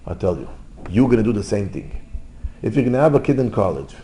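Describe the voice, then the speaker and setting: A rabbi giving an informal Torah lesson, telling stories in lively, non-native English. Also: male voice, fairly low pitch, fast talker, slight background noise, low-quality recording. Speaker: rabbi teaching a class.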